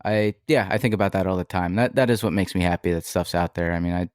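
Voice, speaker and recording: A man, a musician guest on a casual podcast, speaking in a self-deprecating way with frequent laughs and halting restarts. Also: deep voice, darkish tone, no echo, clean studio sound. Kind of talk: casual interview chat.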